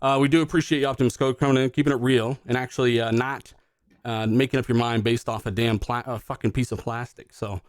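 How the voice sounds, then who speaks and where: A man hosts a live gaming podcast at a quick clip. His voice sits at a middle pitch and sounds dry and close to the mic. He rambles casually, swears freely and fills his sentences with "uh" and "you know". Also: steady tone, no room sound. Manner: loose, profane, rambling with fillers. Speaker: podcast host. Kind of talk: casual live-stream chat.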